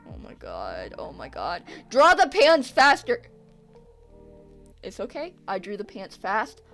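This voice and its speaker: A woman's voice: a little high, huge pitch swings, slow, gravelly, a bit bright, soft background music. A teenage girl chatting casually with her livestream chat while she draws, laughing often and answering viewers with playful sarcasm. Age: teens. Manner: giggly, sarcastic, talks back to chat. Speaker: art streamer.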